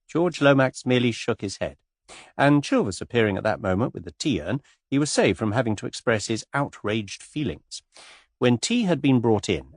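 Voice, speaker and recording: A man narrating an audiobook in an even, measured storytelling manner, close to the mic. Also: medium pitch, no echo.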